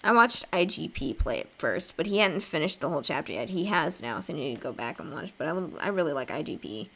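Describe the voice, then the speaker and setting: A woman's voice: deep voice, big pitch swings, fast talker, vocal fry, fairly bright tone. A young woman chatting casually with viewers while drawing live, rambling and poking fun at herself. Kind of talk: casual livestream chat.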